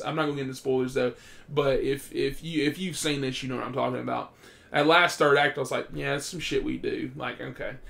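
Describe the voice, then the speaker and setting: A man giving a casual, profane movie review, excitable and animated, with loud bursts when he gets worked up. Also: medium pitch, vocal fry.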